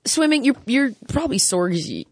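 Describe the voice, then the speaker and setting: A woman fitness trainer answering listener questions in casual podcast chat, blunt and energetic. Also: on the high side, dry recording, clean studio sound. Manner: blunt and energetic, explains with quick examples.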